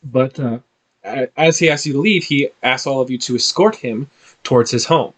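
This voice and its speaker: A man narrating a tabletop game as game master, animated and halting. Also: medium pitch.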